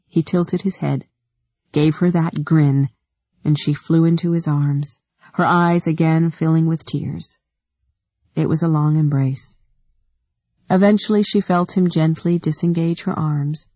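Low, husky woman narrating. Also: fairly even intonation, a little slow, dark tone, no room sound. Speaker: audiobook narrator. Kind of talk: scripted narration.

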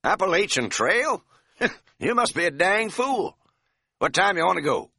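A man's voice: sits high, very animated, measured pace, gravelly, bright, forceful tone, husky, dry recording, studio quality, pitched above the performer's own voice, full character voice. A man voicing a feisty older cab driver who barks and jokes in a folksy way. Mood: feisty amused. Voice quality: barking, folksy. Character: feisty older male backwoods cab driver, gruff and joking.

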